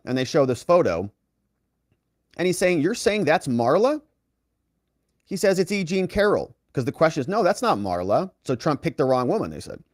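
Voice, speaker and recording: A man working as a legal commentator, reading out courtroom testimony and lifting his voice for quoted lines, with quick asides to the viewer. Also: mid-range voice, dry recording, studio quality. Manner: reads quoted dialogue in a raised, lively voice.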